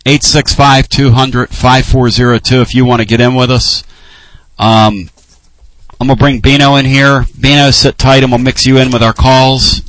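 A man's voice: mid-range voice, flat delivery, moderate pace, fairly bright tone, dry recording. Man, middle-aged, sports radio host, passionate, dry studio. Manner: emotional, passionate.

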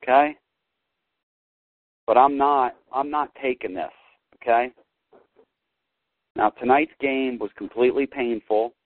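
A man hosts a call-in sports talk show and rants to his listeners, dropping to a mutter and then flaring up loud. His voice comes through thin and tinny like a phone line. The sound is dry, with no room around it. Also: mid-range voice, slow, pauses often, dry recording. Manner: fired-up, ranting, swings between muttering and loud.

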